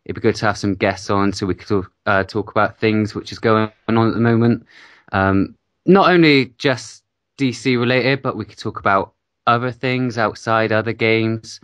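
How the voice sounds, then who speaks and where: A man with a British accent, co-hosting a casual gaming podcast, easygoing and quick to laugh at himself. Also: lowish voice, fairly bright tone, no room sound. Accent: British English. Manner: easygoing, laughs often, self-mocking. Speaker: podcast co-host.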